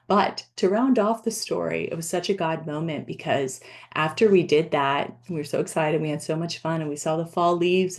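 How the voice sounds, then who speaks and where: A woman from Florida, a life coach, telling a personal story in a casual, animated way and breaking into excited laughs. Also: deep voice.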